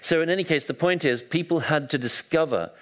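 A man's voice: a little high, fairly quick. A man giving a public history lecture, telling stories with frequent restarts and hesitations.

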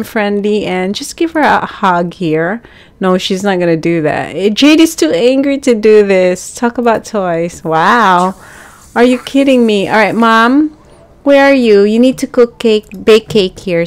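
A woman giving casual gameplay commentary, chatting to the characters on screen and bursting into excited exclamations. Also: mid-range voice. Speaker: gaming channel host.

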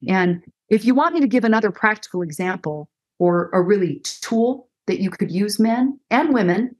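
Middle-aged woman, counselor guest on a faith podcast; animated teacher who acts out quoted dialogue, mid-range pitch. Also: moderate pace.

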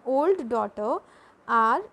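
Woman teacher, high voice, patient grammar explainer. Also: animated, creaky, pushed and bright, poor audio. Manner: slow explanatory, asks and answers own questions. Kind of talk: grammar lesson.

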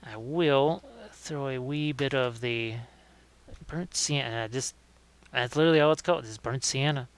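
Smooth-voiced man demonstrating painting. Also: mid-range voice, a little slow. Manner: relaxed, thinking aloud while working, self-correcting. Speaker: miniature painting instructor. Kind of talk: live-streamed painting demonstration.

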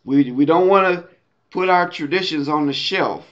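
A man's voice: on the high side, moderate pace. Conversational preacher man, lo-fi sound. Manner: conversational, tags points with "right?". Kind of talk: sermon.

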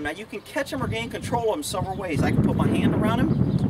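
A man demonstrating horse handling outdoors as a trainer, blunt and folksy, talking gently to his horse between steps. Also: high voice, expressive, quick pace, few pauses. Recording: distant camera audio, loud outdoor noise.

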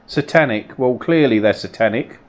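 A man's voice: mid-range voice, normal speed. A man hosting a ghost-hunt vlog, coaxing and questioning spirits in the cellar rooms of an old mill. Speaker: paranormal investigator host.

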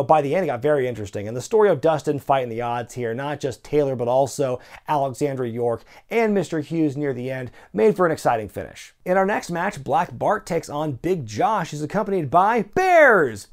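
A man hosting a wrestling review show, talking in a wry, excitable way and swearing freely. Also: a little high. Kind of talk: casual recorded review narration.

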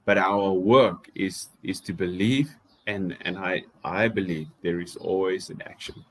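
A man's voice: low-pitched, fairly even intonation, a little slow, a bit bright. A man with a South African accent preaching a sermon, urging listeners with rhetorical questions and repeated phrases.

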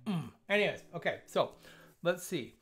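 A man's voice: a little high, very animated, normal speed, a bit bright. A man hosting a casual live coding stream, thinking aloud as he works and chatting with viewers as they arrive. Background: chill lo-fi music.

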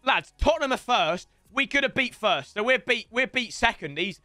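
A young man talks over a football video game in a high, lively voice that leaps around as he reacts. He is animated and swears freely, often yelling at the match. His tone is bright and sharp. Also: normal speed, no echo, soft background music. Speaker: gaming YouTuber. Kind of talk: excitable gaming commentary.

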